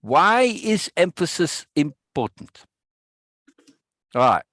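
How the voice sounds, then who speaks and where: A man with a voice a little high for a man leads a coaching session, emphatic and insistent, constantly checking in with "right?" He speaks slowly in a sing-song, slightly bright way. The recording is dry, with no room sound or echo.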